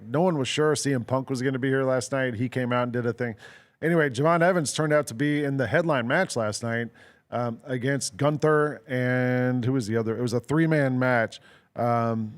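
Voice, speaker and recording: A man co-hosting a casual sports talk show, telling stories in a rambling way with lots of "like" and "um" fillers. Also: mid-range voice. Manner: amused storyteller. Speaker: sports radio co-host.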